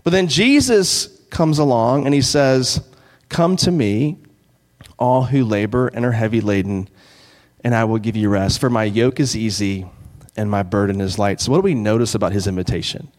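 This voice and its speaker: A man preaching a sermon as pastor, in an earnest, conversational way, slowing down to read scripture. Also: on the low side. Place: church sanctuary. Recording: long hall reverb.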